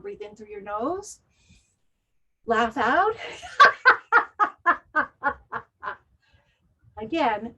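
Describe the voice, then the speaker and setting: A woman's voice: on the high side, fairly bright tone, low-quality recording. A woman presenting in a webinar, leading listeners through breathing and laughter exercises with an American accent. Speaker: wellness presenter.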